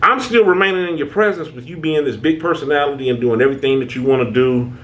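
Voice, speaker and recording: A fast-talking man with a mid-range, fairly bright voice hosts a self-help talk on his channel. His informal American delivery is both chatty and sermonizing, marked by stammered restarts and frequent "right?" checks.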